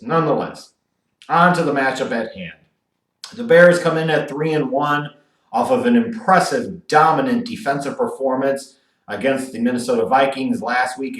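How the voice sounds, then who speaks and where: An animated man previews a football game, tossing in crude sarcastic asides. His voice is mid-pitched and sits a little off the mic. The room gives it a noticeable echo. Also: far from the mic. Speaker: sports commentator. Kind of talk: solo football preview video.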